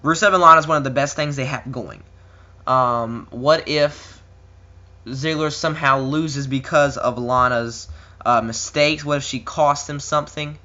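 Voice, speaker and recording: A young man talks through his wrestling predictions in a loose, rambling way, full of ums, uhs and small chuckles. His voice is very bright and sharp, and the home recording sounds dull and lo-fi. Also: mid-range voice, steady tone, unhurried. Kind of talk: casual solo commentary.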